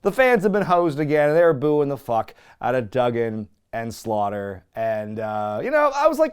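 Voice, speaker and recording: A man hosting a comedic recap show, sarcastic and swearing freely, laughing often as he gets excited. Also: medium pitch, moderate pace, hardly any pauses, smooth. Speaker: host.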